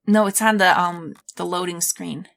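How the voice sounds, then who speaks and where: A woman's voice: fairly low pitch, fairly even intonation, normal speed, vocal fry, fairly bright tone. A woman playing a game and thinking aloud, musing and asking herself questions as she goes. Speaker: let's play gamer. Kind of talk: casual game commentary.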